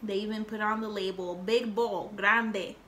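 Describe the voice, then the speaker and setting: A woman's voice: mid-range voice, steady tone, a little slow, a bit bright, a little hiss or hum. A young woman telling a rambling story and chatting in a casual home vlog, with lots of fillers and acted-out quotes. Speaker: vlogger.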